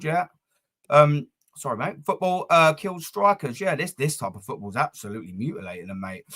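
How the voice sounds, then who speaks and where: A man's voice: high voice, a bit bright. A young man hosting a live football fan stream, reading chat comments and talking bluntly with plenty of swearing, fillers and repeated words.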